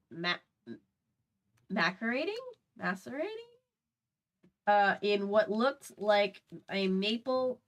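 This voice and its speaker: A woman's voice: mid-range voice, poor audio. A woman hosting a stream, reading fan fiction aloud with a playful manner, laughing and stumbling and adding asides as she goes. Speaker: host.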